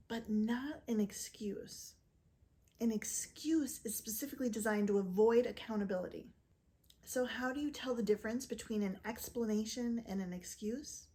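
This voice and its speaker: A woman gives a scripted educational talk, explaining clearly and at a measured pace. Her voice sits fairly high yet has a soft, mellow color. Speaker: physician and narcissistic abuse educator.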